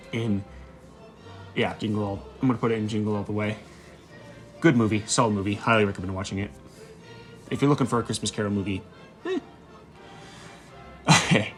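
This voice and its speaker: A man's voice: lowish voice, a bit bright. Chatty, rambling young man. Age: young adult. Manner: chatty, rambling, apologetic asides. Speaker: vlogger ranking movies. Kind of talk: casual chat.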